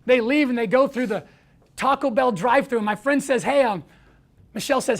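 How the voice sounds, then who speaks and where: A man telling a story to an audience, acting out the quoted voices with lively energy. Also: very high-pitched, moderate pace, gravelly. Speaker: speaker.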